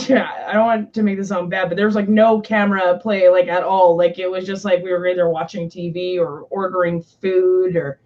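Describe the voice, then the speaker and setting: A woman's voice: fairly low pitch, flat delivery, moderate pace, hardly any pauses, darkish tone. Laughing, chatty woman on lo-fi audio. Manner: laughs often, chatty storytelling. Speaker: stream co-host. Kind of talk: casual chat on a live stream.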